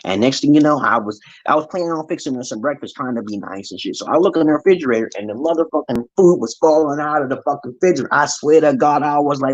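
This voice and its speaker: A man's voice: a little high, animated, fast talker, few pauses, no echo. A man telling a long personal story in a casual, profane monologue, acting out the voices he quotes. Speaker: vlogger. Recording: dry, dull lo-fi sound.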